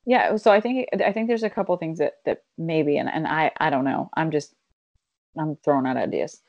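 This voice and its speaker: A woman's voice: deep voice, normal speed, darkish tone, no room sound, lo-fi sound. A woman in her thirties in casual chat as a co-host, reflective, explaining with examples and swearing casually.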